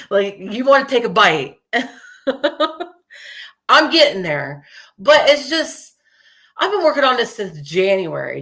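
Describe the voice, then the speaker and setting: A young adult woman rambles to her viewers in a loose, chatty way, swearing freely and laughing often. Her voice is bright and forceful, sitting at an ordinary pitch for a woman. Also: expressive, a little slow, creaky, long pauses. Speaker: true crime podcast host. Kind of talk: casual chat to viewers.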